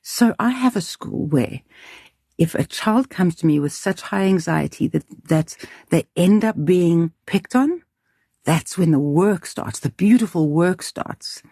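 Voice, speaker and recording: A woman's voice: on the low side, lively intonation, measured pace, dark tone, breathy edge, no room sound, clean studio sound. A woman who runs a school, speaking earnestly and emphatically in an interview, thinking aloud with restarts. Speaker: school leader. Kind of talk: reflective interview talk.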